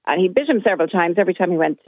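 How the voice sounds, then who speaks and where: A woman's voice: on the low side, expressive, racing, no room sound. A middle-aged woman calling into a radio show and telling her story with indignation. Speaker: caller. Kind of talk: phone-in call. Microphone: telephone. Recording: tinny phone line.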